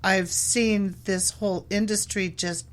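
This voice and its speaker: A woman's voice: mid-range voice, fairly even intonation, takes it slowly. A woman guest on a talk show, speaking casually and hesitantly with many ums and uhs. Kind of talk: casual chat.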